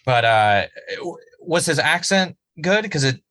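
Man, podcast co-host, casual episode talk, bright tone, dry sound. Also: fairly high pitch, unhurried, dry recording. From Massachusetts. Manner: animated, profane, rambling with many "like"s. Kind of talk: casual chat reviewing a TV episode.

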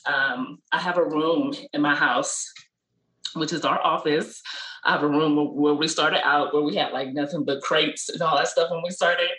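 A woman tells stories from her small business and her life as a mother, acting out quotes in a much higher voice. Her voice is bright and forceful, with an easy casual flow. The sound carries a roomy echo. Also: steady tone, moderate pace. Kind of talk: casual interview storytelling.

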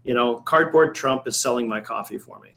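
A man's voice: mid-range voice, brisk, fairly bright tone, low-quality recording. A middle-aged man, a coffee shop owner, telling a rambling anecdote in casual chat, with many fillers and restarts.

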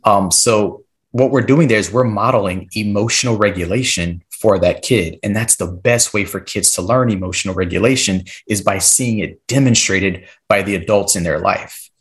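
Low-voiced man coaching teachers. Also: moderate pace, few pauses. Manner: coaching, rhetorical "right?" check-ins. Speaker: podcast guest, classroom behavior expert. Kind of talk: explanatory podcast talk.

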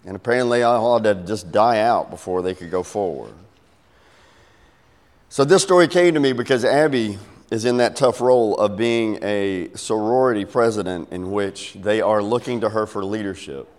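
A man's voice: on the low side, moderate pace, a little mellow. A middle-aged man preaching a sermon, telling a story and acting out its voices with big swings. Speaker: pastor. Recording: long hall reverb.

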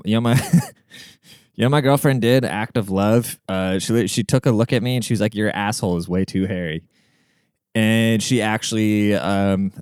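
Solo podcast host, young adult man, cocky and foul-mouthed, smooth voice, dry close sound. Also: on the low side, darkish tone, no echo. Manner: brash, profane, swaggering.

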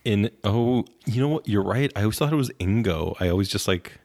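A man's voice: fairly low pitch, expressive, a little fast, darkish tone. A man co-hosting a podcast in casual chat, laid-back, laughing often and making dry jokes. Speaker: podcast co-host.

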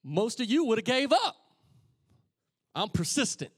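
A middle-aged pastor from Texas, speaking as he tells a story from the pulpit. His voice sits high for a man and swings widely in pitch, and it is caught dry and close with no room echo. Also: measured pace, husky. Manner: animated, acts out voices of friends and himself. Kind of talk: storytelling sermon.

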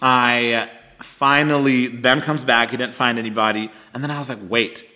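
A man, co-hosting a podcast and telling a story in an animated, chatty way, calling listeners y'all and girl. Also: mid-range voice, normal speed. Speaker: podcast co-host. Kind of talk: casual storytelling chat.

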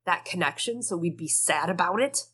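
A woman co-hosting a casual book discussion podcast, animated and sarcastic, swearing freely. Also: fairly low pitch, moderate pace, breathy edge. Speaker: podcast co-host.

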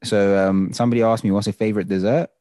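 Fast-talking man, low voice. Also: dry recording, studio quality. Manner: chatty, jokey, animated storyteller. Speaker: podcast co-host. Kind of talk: casual chat.

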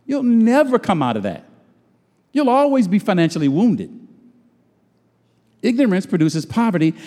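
A man's voice: high-pitched, very animated, moderate pace, pauses often, mellow, in a large hall. A middle-aged man preaching a sermon, folksy and colloquial, stretching words out for emphasis.

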